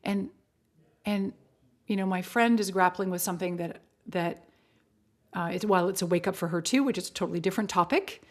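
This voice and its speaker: Chatty woman guest, lively bursts. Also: fairly low pitch. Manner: animated, talks in quick bursts with many fillers. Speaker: podcast guest, author. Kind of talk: casual interview chat.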